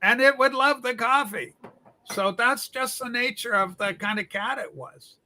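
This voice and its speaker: A man's voice: extremely high pitch, normal speed, pushed and bright, heavily acted. A man playing Rachel, a flamboyant, gossipy woman who fusses and scolds in mock scandal during comedic livestream banter. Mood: fond. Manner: campy, chatty, mock-scandalized.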